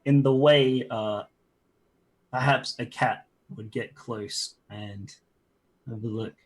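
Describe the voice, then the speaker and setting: A man runs a tabletop game as its game master, unhurried and a little husky in tone. He describes the scene in halting phrases, pausing on ums and starting sentences over as he goes. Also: lowish voice. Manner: halting narration with many ums and restarts.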